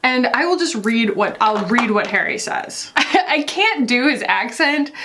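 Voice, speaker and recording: A woman's voice: fairly high pitch, expressive, a little slow, noisy background. A woman beauty vlogger chatting casually while doing her makeup, gossipy, with lots of fillers.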